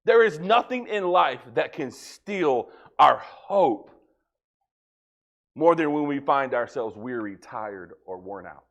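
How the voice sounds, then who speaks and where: A pastor preaching a folksy sermon, joking with the congregation and acting out little dialogues. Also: male voice, medium pitch, expressive, slow, a bit bright.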